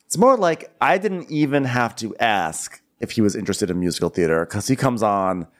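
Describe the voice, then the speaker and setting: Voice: medium pitch, expressive, moderate pace. A podcast co-host doing comedic TV recap chat, wry and mocking cast members in quoted voices.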